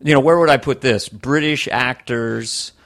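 A middle-aged man, a comedian, chatting casually as a guest and joking in an animated way. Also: mid-range voice, unhurried. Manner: animated, jokey, trails off. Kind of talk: casual chat.

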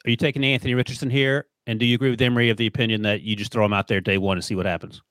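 A man's voice: mid-range voice, flat delivery, racing, fairly bright tone, dry recording. A man hosting a casual sports talk show, joking and steering the conversation. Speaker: podcast host.

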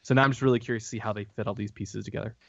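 A man's voice: fairly low pitch, steady tone, rapid-fire, vocal fry, a bit bright, dry recording. A man rambling through a casual podcast chat, full of fillers and trailing thoughts. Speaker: podcast co-host. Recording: dull dry lo-fi audio.

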